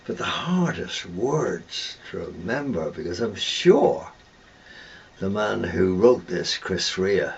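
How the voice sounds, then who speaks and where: An older man hosting his own show in a chatty, relaxed way. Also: low voice, slow pace, creaky, breathy edge, dull audio. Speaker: host. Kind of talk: casual chat.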